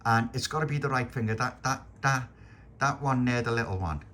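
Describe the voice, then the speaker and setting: A man's voice: mid-range voice, fairly quick, fairly bright tone, a little hiss or hum, voice pushed up, natural voice. A man voicing a chatty, helpful barman who rambles and repeats himself as he gives instructions. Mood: instructing.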